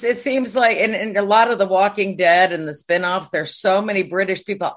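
A woman's voice: fairly low pitch, fairly bright tone. A woman co-hosting a casual fan podcast, chatty and emphatic. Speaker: podcast co-host.

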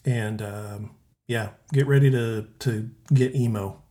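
A man hosting a podcast in casual chat, easygoing and quick to chuckle. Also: mid-range voice, steady tone, warm tone. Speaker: podcast host.

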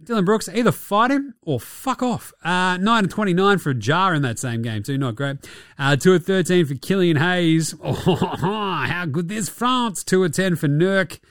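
A young Australian man rattles through a basketball recap with a mocking, foul-mouthed edge. His voice sits a little high. The sound is close and completely dry. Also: animated, measured pace, fairly bright tone, no echo. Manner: sarcastic, profane, mocking. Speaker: basketball commentator. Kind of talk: casual sports recap.

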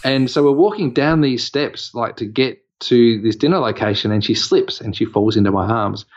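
A man's voice: medium pitch, moderate pace. Australian man, podcast co-host, rambling casual storytelling, middling voice, slightly dull lo-fi sound. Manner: rambling anecdotal, many fillers and restarts.

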